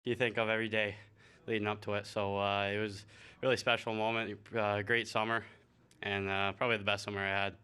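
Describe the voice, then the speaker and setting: A young hockey player talks between periods in a low, fairly flat voice. He stops often with fillers. His sound is crisp and bright. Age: young adult. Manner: halting, many fillers. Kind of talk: post-game interview.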